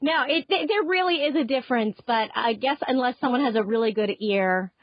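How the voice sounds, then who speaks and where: A woman's voice: fairly high pitch, fairly quick, dry recording, muffled recording. A woman in her thirties hosting a food podcast, chatting with a guest in a gushing, easy-laughing manner. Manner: warm, gushing, laughs easily. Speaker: podcast host. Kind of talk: interview chat and scripted intro.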